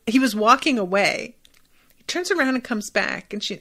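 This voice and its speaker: Woman podcaster, unhurried, fairly high voice, chatty and profane recap host. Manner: animated, profane, bursts into laughter. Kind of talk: casual recap chat.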